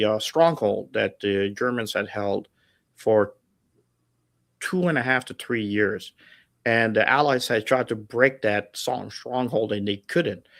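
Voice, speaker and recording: Gravelly man telling stories in a dry room. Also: on the low side, no echo. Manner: animated, acts out the people in his stories with laughs and fillers. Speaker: guest storyteller. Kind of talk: casual storytelling. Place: home setup over a livestream call. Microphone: remote call mic.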